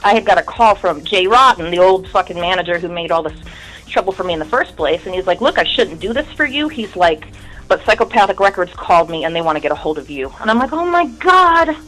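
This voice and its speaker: A woman's voice: lowish voice, lively intonation, quick pace, a bit bright, poor audio. A woman in her thirties, a musician guest in an interview, telling a long story in a candid, rambling, profane way.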